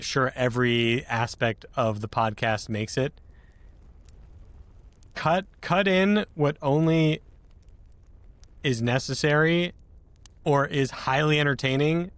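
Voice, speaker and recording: A man's voice: mid-range voice, clear, resonant tone, no room sound. A man hosting a casual podcast chat who jokes and laughs as he talks. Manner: chatty and joking, laughs mid-sentence. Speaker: podcast host.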